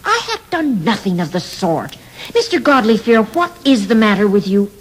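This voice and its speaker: A man's voice: sits high, very animated, normal speed, a bit bright, full character voice. A man playing a smug, overconfident nobleman in a children's audiobook, brushing off all doubt in a raised voice. Slight breathiness and faint music beneath. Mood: haughty. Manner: haughty, dismissive. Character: boastful overconfident male nobleman.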